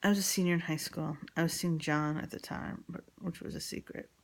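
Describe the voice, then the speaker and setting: A woman's voice: deep voice, steady tone, a little fast. A woman in her forties from New York telling a personal story in a frank, rambling way with lots of fillers and swearing.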